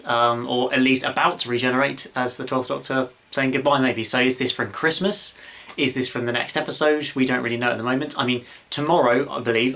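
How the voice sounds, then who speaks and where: A man talks quickly and eagerly through an episode review, full of praise. His voice is bright and forward. The delivery is casual, with plenty of fillers and restarts. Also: medium pitch. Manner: enthusiastic, gushing, with many fillers and restarts. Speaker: video reviewer, channel host.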